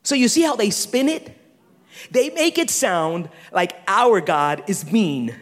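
A man preaching a sermon, animated, swinging between loud and hushed with quick asides. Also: high-pitched. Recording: long reverb of a large hall.

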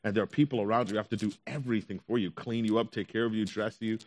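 A young adult man, a pastor, telling his own story in a sermon with animated delivery, acting out his anxious thoughts in quotes. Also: on the low side, racing. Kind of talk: sermon testimony.

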